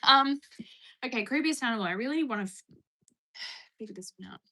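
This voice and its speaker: A woman's voice: a little high, expressive, fast, a bit bright. Australian woman, live streamer, casual chat, reads out viewer questions, rambly and conversational. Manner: chatty, reads viewer questions aloud and rambles through answers.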